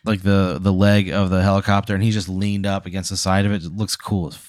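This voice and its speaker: A man's voice: low-pitched, flat delivery, fairly quick, a little mellow, no echo. Young man, podcast co-host, rambling storyteller, dry close sound. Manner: rambling, many "like"s, swearing, laughing. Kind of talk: improvised comedic storytelling.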